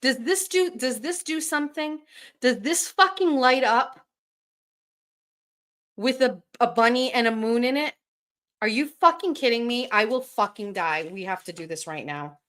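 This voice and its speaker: Woman, livestream host, excitable, swears a lot, fairly high voice. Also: a little slow. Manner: excitable, swears often, laughs and gasps. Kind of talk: casual livestream chat, opening gifts.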